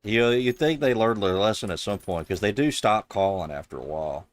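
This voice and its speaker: A man's voice: lowish voice, animated, brisk. A man streamer in casual chat, telling stories in a rambling, amused way.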